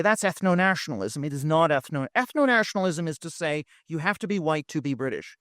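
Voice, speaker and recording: A man with a fairly high voice argues his point at a festival debate, pressing each claim with emphasis. He talks in a lecturing way and often pauses on fillers. The sound is close and dry. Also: a bit bright, no room sound. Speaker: debate panelist. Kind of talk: live debate speech.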